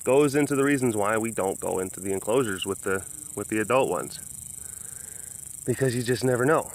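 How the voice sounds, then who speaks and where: A man's voice: fairly low pitch, fairly quick. A man who looks after big cats, chatting casually to camera in a rambling way with many restarts. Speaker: big cat caretaker. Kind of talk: casual vlog chat.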